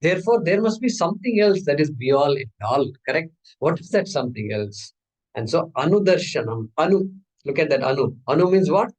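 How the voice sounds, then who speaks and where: A man leads a scripture class, speaking in a somewhat high voice. He explains things casually and keeps putting questions to his listeners. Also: expressive, fairly quick, low-quality recording. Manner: conversational teaching, asks the class questions. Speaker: Vedanta teacher.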